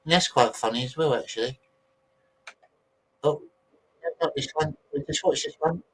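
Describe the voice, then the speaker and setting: A man's voice: fairly high pitch, normal speed. A man hosting a casual livestream, rambling chattily to his viewers and swearing freely while he sorts out videos on his computer. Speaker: livestream host.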